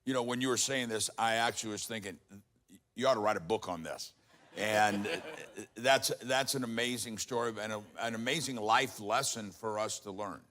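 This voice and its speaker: A man with a low voice hosts the interview as a pastor. He answers the guest with short exclamations and puts his own questions in a long, rambling way. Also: moderate pace, pushed and bright. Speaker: pastor and host. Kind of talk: interview hosting.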